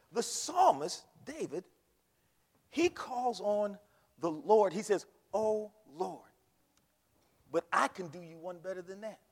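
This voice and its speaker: A man's voice: high voice, husky. A man preaching a fiery sermon in a church, leading the congregation in call and response. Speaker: pastor. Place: church sanctuary. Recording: long hall reverb.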